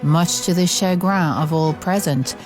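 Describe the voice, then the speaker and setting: A woman reading a scripted documentary narration in a measured, deliberate way, with soft music underneath. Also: on the low side.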